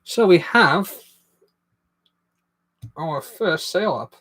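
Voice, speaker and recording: A man's voice: on the high side, animated, very slow, fairly bright tone. A man hosting a casual live stream while building a toy set, rambling and self-deprecating as he reads viewer comments aloud.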